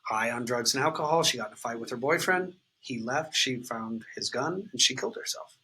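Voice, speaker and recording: A man in his thirties tells his story to an interviewer in a raw, unfiltered way. His voice is bright and forward, with a husky edge. He talks loosely, with plenty of fillers and casual swearing. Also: medium pitch, a little fast, rough recording. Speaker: guest sharing his recovery story. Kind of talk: candid conversational storytelling.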